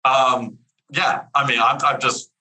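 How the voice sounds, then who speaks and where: A man in his fifties, a podcast guest telling stories in a casual, energetic way with many restarts. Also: mid-range voice, unhurried, rough recording. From Houston area, US. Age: 50s. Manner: energetic, repeats words and restarts often. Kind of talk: casual storytelling interview.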